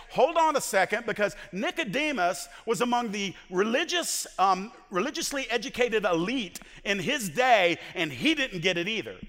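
A man preaching a sermon as pastor, swinging from shouted points to hushed asides and acting out the voices he quotes. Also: very high voice, long reverb tail.

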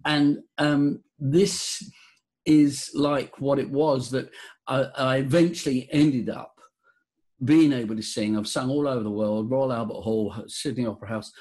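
An older man tells his story with a husky, slightly breathy voice. He is animated and lively, restarting his phrases as ideas tumble out. His pitch sits squarely in the middle. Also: unhurried. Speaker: vocal coach and guest. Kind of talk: casual storytelling interview.

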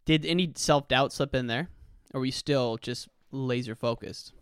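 A man's voice: mid-range voice, moderate pace, smooth, no echo, studio quality. A man hosting an interview, asking questions in a casual, friendly way. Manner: casual, friendly, says "dude". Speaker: podcast host.

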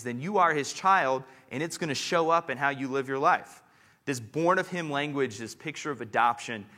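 A male pastor delivers a sermon to his church family in a bright, forceful voice. He speaks earnestly and slows his pace to press home each line of scripture. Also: mid-range voice.

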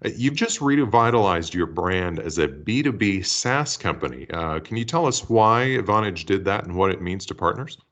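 A man's voice: sits low, expressive, moderate pace, hardly any pauses, fairly bright tone. A man co-hosting a podcast, moving between a comedy skit and a guest interview with dry, pedantic asides. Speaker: podcast co-host.

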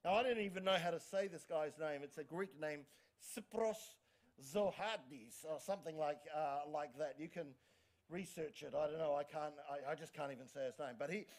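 A man preaches from the pulpit in a bright, high voice. He talks with lively energy, stumbles and restarts words as he goes, and keeps calling out for amens from the room. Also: normal speed. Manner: energetic, frequent restarts and stammers, calls for amens. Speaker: pastor. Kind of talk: sermon.

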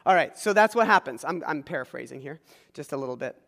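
A man preaching a sermon as pastor, retelling a story in an animated way and acting out the voices of the people in it. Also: on the high side, fast, gravelly, long reverb tail.

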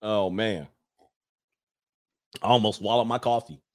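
A man's voice: fairly low pitch, measured pace, a little mellow, dry recording, clean studio sound. A man hosting a livestream who goes on a casual, joking rant, laughs often, talks in loose slang and reads out viewer comments. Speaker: livestream host addressed as Coach.

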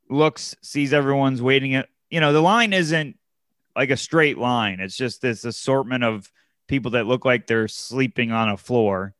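A man's voice: medium pitch, a bit bright, clear, resonant tone, no echo, studio quality. A man casually telling a long anecdote, with many fillers and restarts. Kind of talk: casual chat, storytelling.

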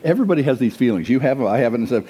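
A man preaching a sermon as pastor, conversational and animated, asking his listeners questions and dropping to hushed asides. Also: mid-range voice, rapid-fire, slightly rough. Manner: animated, swings between loud and hushed; conversational, asks the congregation questions.

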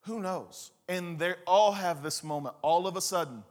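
A man preaching a sermon, telling a personal story with lively, acted-out scenes and asides to the congregation. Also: high-pitched, moderate pace. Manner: animated storyteller, acts out scenes and quotes. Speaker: pastor.

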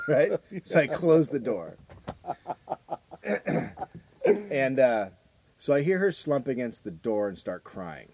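A man co-hosting a comedy podcast, telling a long story in a deadpan way and acting out the voices of the people in it. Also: medium pitch, slow pace, long pauses, a little hiss or hum. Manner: deadpan storyteller who acts out the voices of the people in his stories. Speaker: podcast co-host.

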